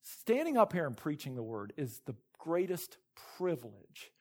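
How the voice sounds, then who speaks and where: A middle-aged man preaching a sermon from a church pulpit, earnest, pushing hard on scripture readings and dropping quieter for personal asides. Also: a little high, sing-song, moderate pace. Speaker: pastor.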